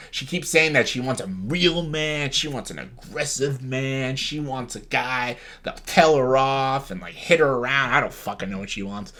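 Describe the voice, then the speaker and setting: Bright-voiced man ranting casually. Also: mid-range voice. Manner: rambling, profane, enthusiastic, laughs often. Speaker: YouTuber reviewing a reality show. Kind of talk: casual chat.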